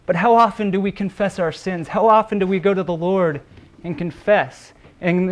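Male pastor, high-pitched, earnest sermon delivery with small restarts. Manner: earnest preaching with repeated words and brief restarts.

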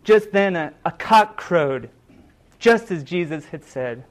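High-voiced man preaching a sermon. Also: expressive, slow. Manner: earnest, dramatic retelling of scripture with emphatic quoted lines.

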